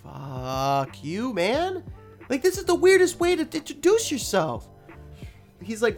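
Speaking slowly in a voice on the high side, a young woman hosts a podcast over soft background music. She tells a story in a relaxed, animated way, swearing plenty and laughing often.

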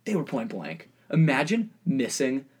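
Lively, husky-voiced man joking around. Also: mid-range voice, measured pace. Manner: joking, rambling, laughs often. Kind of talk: casual podcast chat.

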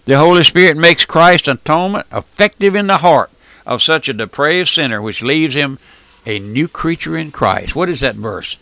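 Folksy radio preacher with a lively, swooping voice. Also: male voice, fairly high pitch, moderate pace, gravelly, dry recording. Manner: folksy, emphatic, full of rhetorical questions.

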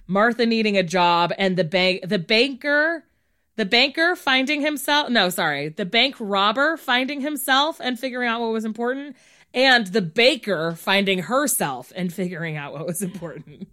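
A woman's voice: a little high, lively intonation, normal speed, sharp tone. A woman co-hosting a casual movie recap chat, giggly and chatty, with lots of "like". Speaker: podcast co-host.

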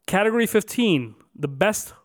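A man's voice: sits high, big pitch swings, moderate pace, noisy background. A man co-hosting a casual podcast, announcing numbered categories with extra emphasis and then chatting loosely. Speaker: podcast co-host.

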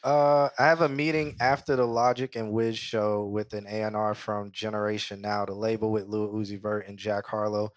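A man co-hosting a casual music review podcast, joking and relaxed, breaking now and then into loud impressions. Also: lowish voice, moderate pace, few pauses, dry recording. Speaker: podcast co-host. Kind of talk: casual chat.

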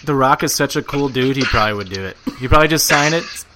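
A man's voice: mid-range voice, expressive, quick pace. A man chatting in a laid-back, amused way on a podcast, swearing casually. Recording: loud background hiss.

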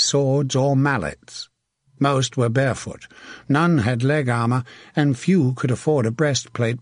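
A man reads scripted audiobook narration in a steady, measured voice of middle pitch. His tone is husky and slightly breathy. The recording is dry and close, with no room sound. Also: no echo.

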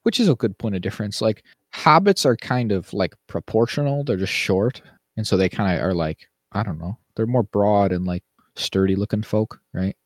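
A low-voiced man co-hosting a casual podcast, talking in an animated rant and slipping into mocking impressions of people he quotes. The sound is dry and close to the mic, with no room around it. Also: normal speed, no echo. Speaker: podcast co-host. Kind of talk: casual chat.

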